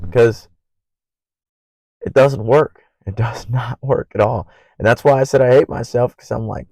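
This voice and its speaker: Loud, swearing young man podcasting solo. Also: medium pitch, a little slow, long pauses, husky, no room sound, rough recording. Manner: profane, rambling and earnest; loud by habit. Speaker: podcast host. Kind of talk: casual solo podcast monologue.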